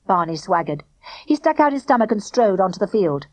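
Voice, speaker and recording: Lively woman reading a children's story. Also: medium pitch, a little fast, no echo, highs cut off. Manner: animated, acting out the characters. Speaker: audiobook narrator. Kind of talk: expressive storybook narration.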